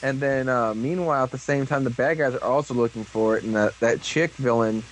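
A man's voice: mid-range voice, slight background noise, low-quality recording. Rambling man recapping a show. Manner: rambling, does quick voices for characters. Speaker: podcast co-host. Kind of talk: casual episode recap.

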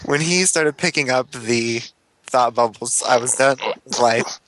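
A man's voice: medium pitch, fairly bright tone, slight background noise, poor audio. A young man co-hosting a casual chat, joking and laughing often. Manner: chatty and joking, laughs often, speaks in quick bursts. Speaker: podcast co-host.

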